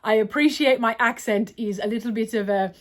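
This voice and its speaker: A woman's voice: a little high, brisk. A young adult woman from Australia answering viewer questions in a casual, long-winded way, often correcting herself. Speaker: vlogger and poet. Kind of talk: casual Q&A chat.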